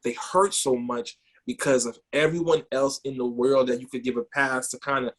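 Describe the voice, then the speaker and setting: A man co-hosting a podcast, telling a personal story in an animated way and often repeating words. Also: medium pitch, normal speed. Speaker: podcast co-host.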